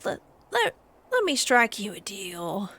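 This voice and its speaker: A woman's voice: mid-range voice, wildly swooping pitch, slow, a bit bright, slightly rough, exaggerated voice. A woman doing a kindly haggard stable master.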